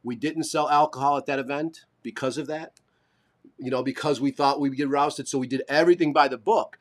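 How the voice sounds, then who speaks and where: A man's voice: mid-range voice, a little fast. A man co-hosting a live stream, telling a long story in casual chat, swearing and acting out the people he quotes. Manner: animated, swearing, acts out quoted voices. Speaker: podcast co-host.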